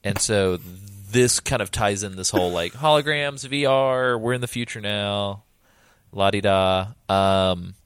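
A man co-hosting a casual podcast, recapping a film in an animated way, swearing freely and acting out quotes. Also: on the low side, a little slow, clear, resonant tone, no room sound. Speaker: podcast co-host. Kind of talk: casual movie recap chat.

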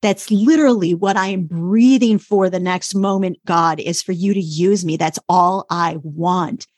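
A woman's voice: fairly low pitch, unhurried, a little mellow, no echo. A woman guest on a podcast, earnestly sharing a faith testimony with conviction. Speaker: guest, YouTuber. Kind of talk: faith-based testimony in interview.

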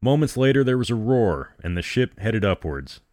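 A man reading a dramatic story aloud as host, in a measured, dramatic way. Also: on the low side, sing-song, darkish tone, dry recording, clean studio sound.

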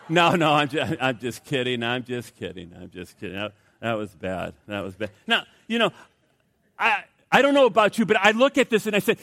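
A man's voice: a little high, expressive, normal speed, a bit bright, no echo, clean studio sound. A man preaching a sermon as pastor, chatty and humorous, with many fillers and restarts.

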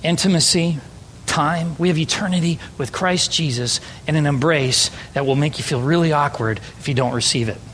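High-voiced pastor preaching in a reverberant hall. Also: male voice, moderate pace, fairly bright tone, a little hiss or hum. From Southern California. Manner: conversational, playful with audience. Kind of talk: sermon. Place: church sanctuary.

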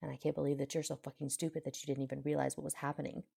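A woman's voice: low-pitched, level tone, racing, creaky, warm tone, slightly rough, heavily acted. A woman voicing a hot-tempered young witch, speaking with heated indignation. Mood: indignant.

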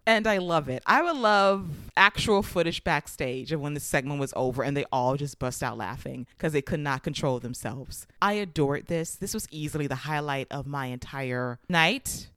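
A woman hosts a recap podcast in a slightly low voice. She gushes with excitement and swears freely. Her voice is recorded close up on a dry mic. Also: dry recording. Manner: excitable, profane, gushing. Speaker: podcast host.

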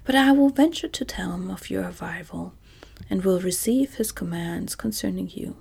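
A woman's voice: lowish voice, moderate pace, gravelly, darkish tone, husky, full character voice. Woman whispering as a polite old servant. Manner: polite, formal. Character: aged polite palace servant man. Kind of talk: whispered role-play.

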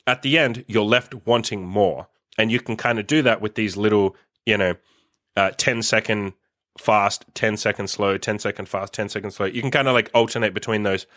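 A man with a fairly low voice talks bluntly through a casual advice monologue, peppering it with "like." The sound is dry and close, with no room around him. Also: a bit bright, no room sound. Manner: frank and blunt, casual with many "like" fillers. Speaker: podcast host.

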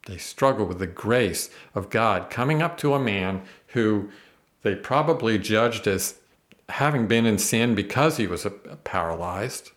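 Earnest low-voiced man teaching scripture. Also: expressive, a little slow, fairly bright tone. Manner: earnest, emphatic, reads scripture aloud. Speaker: Bible teacher. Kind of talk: podcast Bible teaching.

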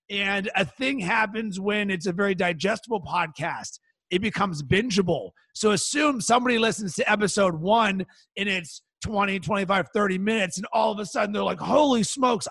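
A man coaching a podcaster in casual conversation, enthusiastic and emphatic, with a gravelly voice. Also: high-pitched, a bit bright, dry recording.

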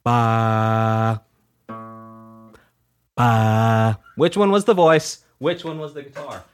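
A man coaching music students in an energetic, repetitive way, giving casual advice and telling stories. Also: on the high side, moderate pace. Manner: energetic, repetitive, storytelling with acted quotes.

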